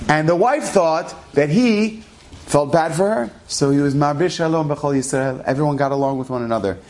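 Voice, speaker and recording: A man telling a story in an animated, quick, lively way. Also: fairly high pitch. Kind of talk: oral storytelling.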